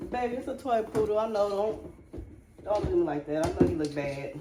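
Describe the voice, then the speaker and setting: A woman's voice: fairly low pitch, normal speed, roomy sound, heavy background noise. A woman vlogger and mother, chatting casually and confidingly to her viewers while she cleans and cooks at home. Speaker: lifestyle vlogger, mother and wife. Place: home kitchen.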